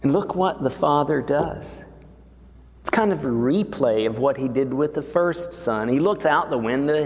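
A man preaching a sermon, retelling a parable in a dramatic storytelling manner. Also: a little high. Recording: long reverb of a large hall.

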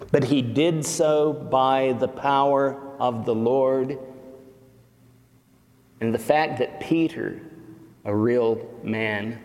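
Slow-preaching man in a reverberant hall. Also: mid-range voice. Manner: slow, deliberate preaching with emphatic rises. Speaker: pastor. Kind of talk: sermon. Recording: long reverb of a church hall.

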